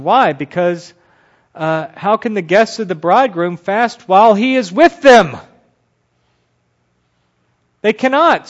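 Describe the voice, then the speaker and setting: A man teaches from the Bible as an animated storyteller, tossing out rhetorical questions to his listeners. His voice sits a little high for a man. The recording is dull and lo-fi.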